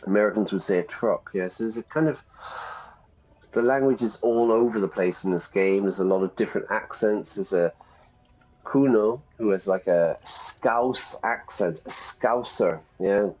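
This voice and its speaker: Husky teacher. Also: male voice, on the low side, normal speed. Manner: chatty, explains words as he plays. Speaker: English teacher. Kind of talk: let's-play lesson, casual commentary. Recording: dull lo-fi sound.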